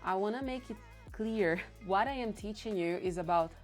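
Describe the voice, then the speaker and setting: A woman with a Brazilian accent, a native Portuguese speaker, gives an online pronunciation lesson in English. She explains patiently and repeats example words, her voice sitting in a middle register for a woman. Soft music plays faintly in the background. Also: mid-range voice, moderate pace. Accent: Brazilian, Curitiba and São Paulo mix. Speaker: language teacher.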